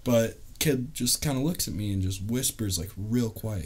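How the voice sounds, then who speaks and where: A man's voice: on the low side, normal speed, darkish tone, husky. A young man telling stories in casual chat, loose and laid-back, full of fillers and laughs. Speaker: interviewee, army veteran.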